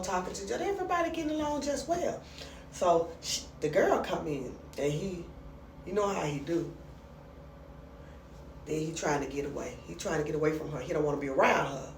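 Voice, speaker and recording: A woman chatting casually as she recaps a comedy skit, acting out the lines in lively voices. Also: sits low, distant mic, a little hiss or hum. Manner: chatty, retells scenes with animated quoted voices. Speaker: reaction commentator. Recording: roomy sound from off the mic.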